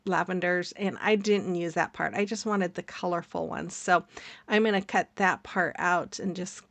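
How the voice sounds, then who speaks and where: A woman's voice: lowish voice, fairly even intonation, normal speed, creaky, fairly bright tone, dry recording. A woman hosting a craft channel, narrating her project in a casual, rambling voice-over with many fillers and frequent laughs.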